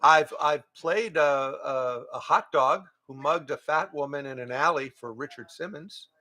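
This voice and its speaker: An older man, a voice actor and improv teacher, chatting casually with fans on a livestream from home, reading out their questions and answering in a relaxed, rambling way. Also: a little high, a little slow, background noise. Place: home, in front of pictures on the wall. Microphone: livestream webcam setup.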